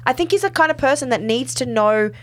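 Quick and high-voiced, a woman chats on a podcast about a TV episode, recapping it animatedly and acting out what the characters say.

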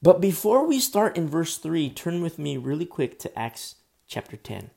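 A pastor giving a conversational sermon, reading scripture aloud and explaining it, with frequent "you know" fillers. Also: male voice, fairly high pitch, very animated, moderate pace, vocal fry, warm tone. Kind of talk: expository sermon.

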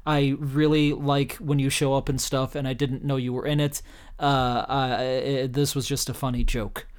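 A man hosting a solo podcast, reading out his own tweets in an animated, joking way, with bursts of mock outrage and casual swearing. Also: mid-range voice, normal speed, clear, resonant tone. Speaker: podcast host.

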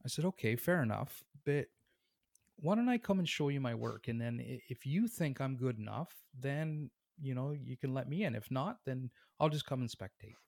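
A man with a gravelly voice at a medium pitch, telling a story in an animated way. He often slips into voicing the other people in the story and laughs as he goes. The sound is dry and close, with no room around it. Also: normal speed, no echo. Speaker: tattoo artist and guest. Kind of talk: casual storytelling.

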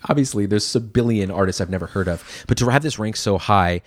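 Very deep-voiced man in casual chat. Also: quick pace. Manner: skeptical, teasing, stammers on restarts. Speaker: podcast co-host. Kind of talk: casual music review chat.

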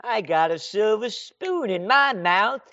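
A man's voice: high voice, animated, takes it slowly, pushed and bright, exaggerated voice. A man putting on the voice of a smug, spoiled rich-boy governor who bosses people around in a sneering sing-song. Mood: smug bossy. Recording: dull lo-fi sound.

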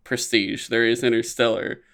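A man's voice: moderate pace, vocal fry, clear, resonant tone. A young man rambles through a casual podcast chat, cursing freely, and his voice leaps up when he acts out his own reactions. His voice sits in an ordinary middle range. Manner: rambling, animated, swears often, voice jumps high when quoting reactions. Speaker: podcast co-host.

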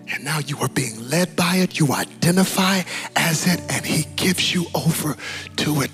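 High-voiced man preaching with passion. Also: moderate pace, faint music behind. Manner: impassioned, swings from hushed to shouting. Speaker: pastor. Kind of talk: sermon.

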